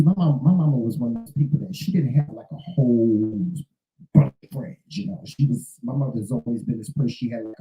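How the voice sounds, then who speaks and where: A man's voice: medium pitch, mellow, echoey room, rough recording. A man in his fifties hosting a talk show, speaking in a casual monologue that rambles and repeats words. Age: 50s. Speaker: show host.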